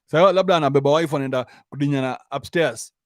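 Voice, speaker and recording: A man's voice: on the high side, fast, no room sound, studio quality. A man with a Kenyan accent giving a crude, mocking comic rant, switching between English and slang. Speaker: commentary show host. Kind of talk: rant-style comic commentary.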